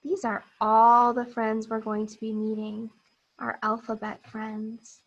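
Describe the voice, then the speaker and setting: A woman teacher giving a phonics lesson to young children, reading a picture book aloud and modeling sounds in a slow, exaggerated, encouraging way. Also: a little high, completely flat delivery, highs cut off.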